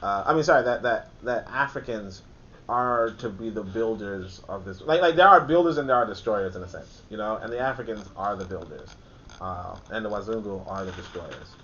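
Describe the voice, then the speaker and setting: Casual male host, bright and forceful tone, rambling with fillers, muffled recording. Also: normal speed. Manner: rambling, laughs often, many fillers and restarts. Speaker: host of a book discussion. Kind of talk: casual discussion. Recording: muffled, faint background rumble.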